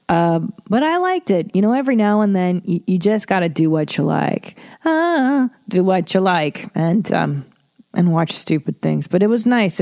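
A woman's voice: fairly low pitch, warm tone. A woman in her thirties hosting a podcast alone, talking in a frank, profane, self-deprecating and rambling way. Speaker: podcast host. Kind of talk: casual solo podcast monologue.

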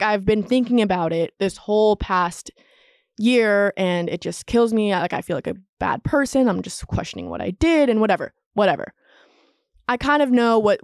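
A woman's voice: medium pitch, a little mellow, no echo, studio quality. A young woman in her twenties hosting a solo podcast, talking in a chatty, confessional way full of "like" fillers. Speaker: podcast host.

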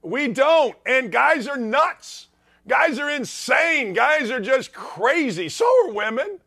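A man hosting a sports talk show, delivering a fired-up, emphatic rant that keeps repeating its points and bursts into shouts. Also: very high voice, expressive, slow. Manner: emphatic, ranting, repeats himself, swings into shouts. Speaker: sports radio host.

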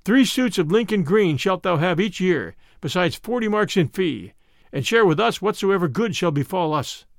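A man's voice: high-pitched, expressive, moderate pace, gravelly, dry recording, studio quality. A man voicing a bold, jovial outlaw leader who speaks in hearty, old-fashioned declaiming tones in a storybook reading.

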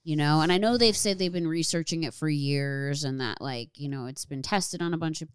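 A woman's voice: low voice, a little fast, smooth, no echo, studio quality. A woman hosting a podcast in casual chat, talking freely and swearing as she acts out stories. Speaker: podcast host.

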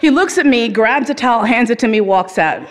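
A woman's voice: fairly high pitch, lively intonation, a little fast, some chatter behind. Woman telling a profane comic story. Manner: profane, laughing through the telling.

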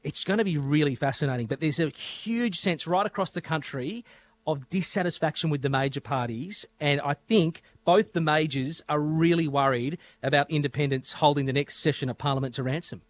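Animated Australian male radio presenter. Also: fairly high pitch, fairly quick, dry recording. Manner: animated, with frequent restarts. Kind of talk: political commentary on radio.

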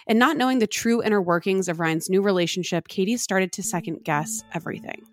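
A woman's voice: medium pitch, fairly quick, dry recording, clean studio sound, soft background music. A woman host narrating a true story in a casual, blunt tone with some swearing. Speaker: podcast host. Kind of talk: scripted narration.

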